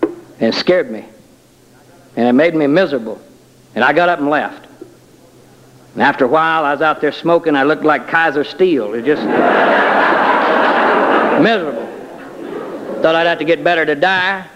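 A man's voice: fairly high pitch, normal speed, long pauses, fairly bright tone, lo-fi sound. A man giving a personal testimony in a colloquial, self-deprecating storytelling way with wry humor.

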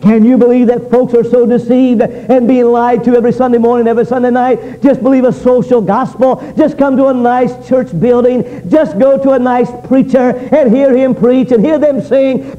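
A man's voice: steady tone, moderate pace, few pauses, muffled recording. Fiery preacher man. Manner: impassioned, swings between loud pleading and low intensity. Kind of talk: fiery revival sermon.

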